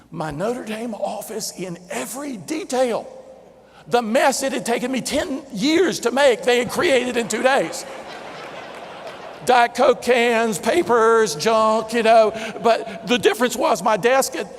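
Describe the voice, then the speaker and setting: A man with a Southern drawl delivers a lively storytelling keynote and chuckles at his own anecdotes. His voice sits high for a man. The long reverb of a huge convention hall trails after each phrase. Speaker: motivational keynote speaker. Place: large convention center hall before a big audience.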